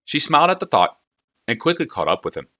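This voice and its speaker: A man reading an audiobook with expressive, animated storytelling. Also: fairly high pitch, quick pace. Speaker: narrator.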